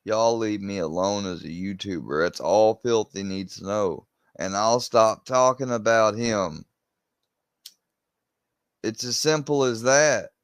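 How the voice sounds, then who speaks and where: A young YouTuber vents to camera in an agitated rant, swearing and repeating himself. His voice is lowish, smooth and slow, with no room sound.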